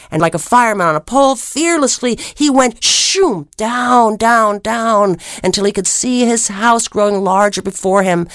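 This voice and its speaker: A woman storyteller spins a fairy tale at a slow, unhurried pace. She is expressive and dramatic, with long pauses and playful sound effects, recorded dry and close. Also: lowish voice, dry recording. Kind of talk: oral storytelling.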